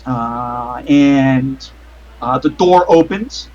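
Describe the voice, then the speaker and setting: A man's voice: medium pitch, very slow, darkish tone, dull audio. A man running a tabletop game over a voice call, narrating with lots of ums, uhs and restarts. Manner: rambling, with many fillers and restarts. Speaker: game master.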